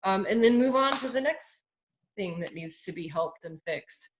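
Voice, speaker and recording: Woman of middle pitch sharing questions in a study group, searching for words, recorded in an echoey room. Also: lively intonation, moderate pace, a little hiss or hum. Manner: rambling and searching, heavy use of "like" and "um". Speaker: Bible study participant. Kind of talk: casual group discussion.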